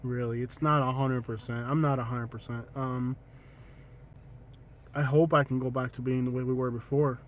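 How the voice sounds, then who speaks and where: A man hosting a casual travel livestream, joking and teasing, with loud excited bursts. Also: medium pitch, normal speed, dull audio, slight background noise. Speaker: vlog host.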